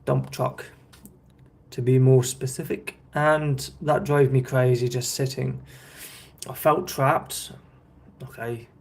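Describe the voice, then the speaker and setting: A man's voice: mid-range voice, level tone, slow pace, gravelly, long pauses. Young guy vlogging, rambly, fixes his words as he goes, keeps saying yeah?. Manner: rambling, self-correcting, checks in with "yeah?". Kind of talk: casual chat to viewers.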